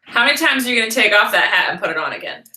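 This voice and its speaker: Woman vlogger, casual livestream chat, rambling, higher voice, lots of ups and downs. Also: expressive, rapid-fire, bright, forceful tone. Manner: rambling, chatty, laughs often. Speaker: vlogger live-streaming. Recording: roomy echo.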